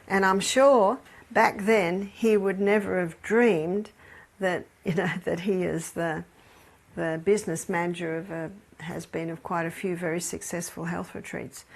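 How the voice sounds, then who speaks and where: A woman with an Australian accent, giving a storytelling health lecture in a chatty manner. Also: lowish voice. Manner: chatty, laughs between anecdotes. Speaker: health educator.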